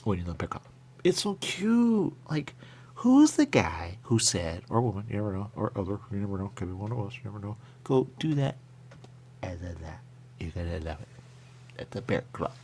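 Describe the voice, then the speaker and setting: Tasting pastries on air, this radio host chats casually and jumps between ideas in a playful, wandering way. His deep voice is a little mellow and fairly quick, with a bit of background noise.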